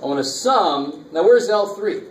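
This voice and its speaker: A man's voice: fairly high pitch, lively intonation, measured pace. A man teaching a college math lecture, casually walking students through calculator steps with slangy asides. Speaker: math instructor. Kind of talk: classroom lecture. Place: college classroom. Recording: echoey classroom, mic far off, faint noise.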